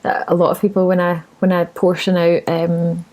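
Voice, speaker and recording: A woman hosting a podcast, asking questions in a chatty, relaxed way. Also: fairly low pitch, normal speed. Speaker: podcast host. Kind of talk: casual interview chat.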